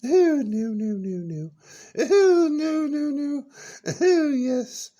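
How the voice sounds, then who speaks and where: A man's voice: extremely high pitch, animated, slow pace, warm tone, highs cut off, pitched above the performer's own voice, heavily acted. A man voicing a giddy, grand older woman on a comic radio show, giggling and swooping between "oh, yes" and "no, no". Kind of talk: comic radio character bit.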